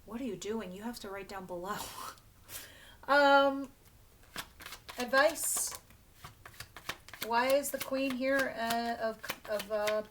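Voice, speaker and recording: A woman's voice: a little high, fairly bright tone, a little hiss or hum. Chatty woman giving a blunt tarot reading. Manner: chatty and blunt, with filler words and self-corrections. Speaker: tarot reader. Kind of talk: casual tarot reading to camera.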